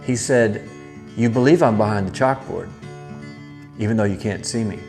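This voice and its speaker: A man's voice: fairly low pitch, moderate pace, vocal fry, faint music behind. A man hosting a live stream, casually telling a childhood story and reading chat comments, acting out the voices he quotes. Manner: animated, acts out quoted voices. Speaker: livestream host.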